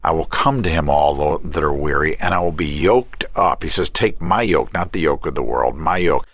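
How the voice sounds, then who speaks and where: Deep-voiced middle-aged man telling stories. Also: normal speed, no room sound. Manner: animated storyteller who acts out quoted dialogue. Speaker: director of a family ministry and counselor. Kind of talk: conversational interview about faith and parenting.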